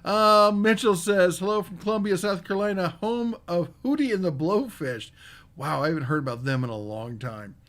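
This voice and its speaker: A man's voice: sits high, animated, normal speed, fairly bright tone. A man hosting a live podcast about tools, reading viewer comments aloud and answering them in a casual, rambling way. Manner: casual and rambling, with many fillers. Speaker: podcast host.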